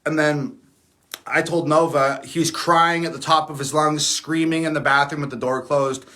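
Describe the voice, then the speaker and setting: A young man chats loosely on a livestream, rambling through his thoughts with plenty of fillers and a curse here and there. His voice sits a touch higher than most men's. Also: little pitch movement, moderate pace, sharp tone. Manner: rambling and candid, frequent fillers and profanity. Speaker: livestream host. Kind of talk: casual livestream chat.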